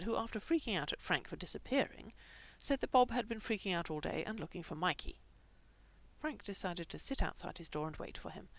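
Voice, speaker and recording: A woman reading fan fiction aloud, moving between plain narration and soft whispered asides. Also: fairly low pitch, vocal fry. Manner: reads dialogue with lively shifts, dropping to whispers.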